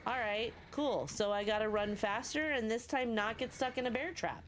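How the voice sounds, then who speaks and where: Sleepy woman streamer, excitable and swearing. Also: fairly high pitch, normal speed, a little hiss or hum. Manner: excitable, swears freely, cheers on her character. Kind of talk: casual live gameplay commentary.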